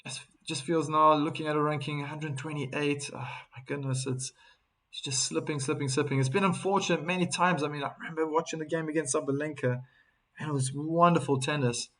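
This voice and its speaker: A South African man commentating a tennis match live, with a slightly higher-than-usual voice. He chats casually, reads viewers' messages aloud and bursts with excitement at key moments. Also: brisk. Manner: chatty, reads viewer chat messages aloud between calls; bursts of excitement on big points.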